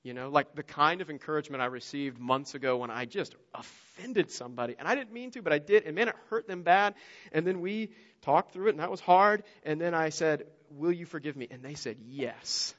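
A man preaching a sermon as a pastor, swinging between quiet, intimate asides and loud, emphatic lines, acting out the voices in his stories. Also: on the high side, lively intonation, fairly quick, long reverb tail, lo-fi sound. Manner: acts out quoted voices in story-telling.

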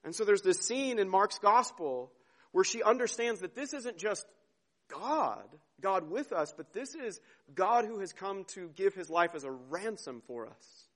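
An earnest male preacher with a fairly high voice. He swings between near-whispered tenderness and ringing emphasis, stumbling over and repeating words as the feeling carries him. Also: expressive, a little slow. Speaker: pastor. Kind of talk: sermon.

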